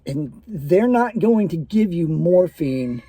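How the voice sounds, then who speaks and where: A man quoting a calm, firm female hospital nurse in a patient, reassuring way, close to his own voice. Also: a little high, slow pace, slightly rough, no echo, heavily acted.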